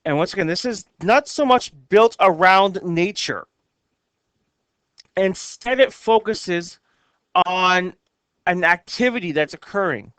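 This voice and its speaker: A man walks through a lesson at an unhurried, careful pace, reading each poem line out word by word. His voice sits high and comes across smooth and clear. The sound is dry, with no room around it. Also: animated, a bit bright, no echo. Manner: slow and careful, reads lines out word by word. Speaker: teacher. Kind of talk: explaining haiku syllable counts.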